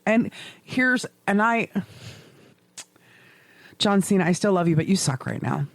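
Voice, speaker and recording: A middle-aged woman co-hosting a podcast, telling stories in a swearing, animated way with laughs, in casual chat. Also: mid-range voice, a little slow, no echo. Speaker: podcast co-host.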